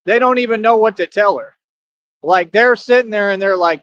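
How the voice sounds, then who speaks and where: High-voiced man, laughing through a stream. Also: normal speed, a bit bright, no echo, highs cut off. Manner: laughs constantly, repeats himself. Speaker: live streamer. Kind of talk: rambling live-stream commentary. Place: walking outdoors.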